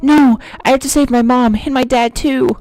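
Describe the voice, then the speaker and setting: A woman's voice: high voice, fairly even intonation, normal speed, a little mellow, soft background music. A woman voicing an earnest young child searching for missing parents in a game. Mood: determined.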